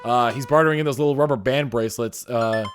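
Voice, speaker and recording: A man with a medium-pitched voice talks fast while streaming a dating game. He reads the game's text aloud and adds playful, jokey commentary over the game music.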